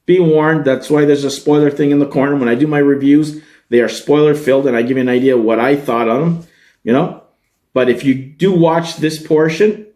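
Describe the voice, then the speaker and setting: A man hosting a podcast, giving a casual spoiler-filled movie recap, excitable and swearing freely as he talks straight to his viewers. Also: fairly high pitch. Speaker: podcast host. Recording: roomy echo.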